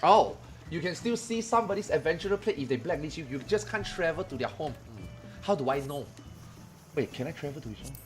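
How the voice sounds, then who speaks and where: Man, streamer, casual storytelling, acts out quotes, swears, higher pitch, faint background music. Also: fairly quick. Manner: animated retelling, acts out quotes loudly, swears, laughs.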